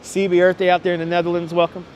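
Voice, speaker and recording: A man's voice: sits high, completely flat delivery, racing, a little hiss or hum. A man hosting a walking livestream on city streets, thanking viewers over and over in an effusive way. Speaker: livestream host. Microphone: wireless clip-on mic.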